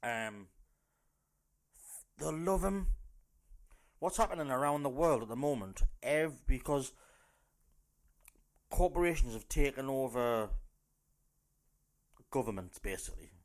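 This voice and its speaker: A man with a North East English accent hosting a loud, sweary, rambling news rant podcast. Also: mid-range voice, expressive, takes it slowly, pauses often. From North East England. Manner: loud, sweary, rambling, jumps into silly put-on voices. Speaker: podcast host.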